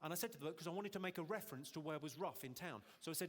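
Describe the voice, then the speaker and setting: A man doing live stand-up comedy on stage, teasing the audience with quick deadpan insults. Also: a little high. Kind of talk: live stand-up with crowd work. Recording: loud audience laughter and noise.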